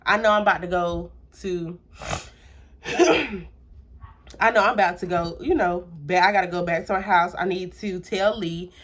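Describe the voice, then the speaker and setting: A woman's voice: lowish voice, normal speed, long pauses. A young woman, telling a personal story in a casual storytime vlog, talking with lots of fillers and acting out quotes. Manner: casual and animated, with frequent fillers and acted-out quotes. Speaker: YouTuber.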